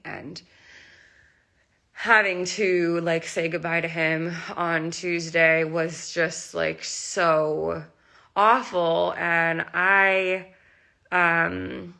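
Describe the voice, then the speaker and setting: Gravelly-voiced young woman, near tears. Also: sits low, sharp tone. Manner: emotional, rambling, heavy use of "like". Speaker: animal rescuer and channel host. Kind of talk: casual live-stream chat. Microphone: phone.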